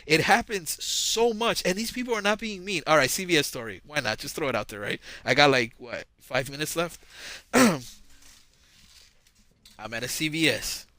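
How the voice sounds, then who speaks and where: Animated man telling a rambling story. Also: on the high side, normal speed, dry recording. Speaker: channel host. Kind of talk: casual storytelling monologue. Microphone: close mic, audio-only recording.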